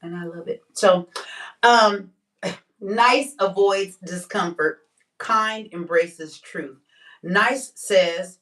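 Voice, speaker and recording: A woman speaks in a casual personal monologue, candid and emphatic, with plenty of slang. She slows down to drive home her points. Her voice sits a bit back from the microphone, with a touch of distance. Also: medium pitch, a bit bright. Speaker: vlogger.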